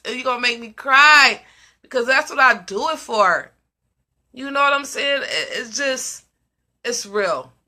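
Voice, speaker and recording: Emphatic woman with a bright, ringing voice. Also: a little high. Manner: emphatic, repeats questions. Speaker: host of a live discussion. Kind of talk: casual live-stream talk.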